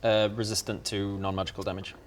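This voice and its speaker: A man's voice: on the low side, level tone, quick pace, a little hiss or hum. A man running a tabletop game as game master, patiently explaining rules and choices.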